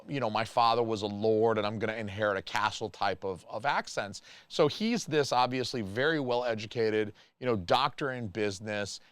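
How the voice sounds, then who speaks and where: A man's voice: medium pitch, smooth, dry recording. A man talking on his own about films he watched, rambling and opinionated, with lots of fillers and restarts. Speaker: movie reviewer. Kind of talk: casual solo film commentary.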